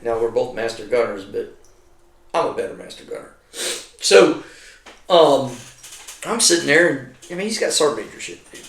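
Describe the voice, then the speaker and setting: A man's voice: medium pitch, very animated, normal speed, long pauses, fairly bright tone. An older man, a retired soldier, telling rambling, profane war stories in a casual chat. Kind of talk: casual storytelling. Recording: roomy, distant from the mic.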